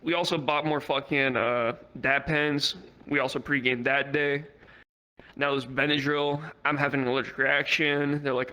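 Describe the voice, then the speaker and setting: Profane rambling stand-up man, bright voice. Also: medium pitch, steady tone, normal speed. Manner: profane, rambling anecdote with acted quotes. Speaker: stand-up comedian. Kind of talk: stand-up storytelling. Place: virtual reality comedy club.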